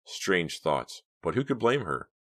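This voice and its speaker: A man narrating a novel as an audiobook, in a measured, hushed storytelling manner. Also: low-pitched, sing-song. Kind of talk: scripted narration.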